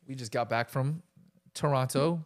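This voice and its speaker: A man's voice: medium pitch, normal speed. A man hosting a podcast, chatting casually and telling stories with laughter among friends. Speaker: host.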